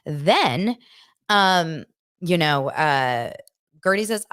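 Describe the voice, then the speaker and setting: Chatty woman podcaster, low and lively. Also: slow, clear, resonant tone, no echo, studio quality. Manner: chatty, animated, mocks others in shrill voices. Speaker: podcast host. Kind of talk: casual pop culture commentary.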